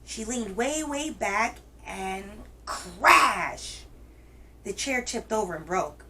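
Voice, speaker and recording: A woman hosting a children's reading show, telling a picture book aloud in a gentle, expressive way. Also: on the high side, measured pace, rough recording. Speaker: children's story reader, host.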